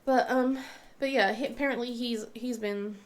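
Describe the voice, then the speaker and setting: A woman in her thirties talks casually as she crafts, her voice sitting a little high. She rambles, restarts her sentences often and acts out what others said. Her mouth is sore while she speaks. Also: fairly even intonation, normal speed, slight background noise. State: mouth in pain. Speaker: vlogger and crafter.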